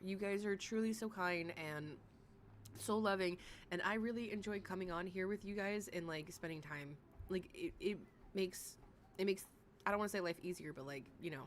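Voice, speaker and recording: Chatty woman streamer, faint hiss. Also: lowish voice. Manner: chatty, lots of likes and laughs. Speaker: streamer reacting to a livestream. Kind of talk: casual chat to live chat.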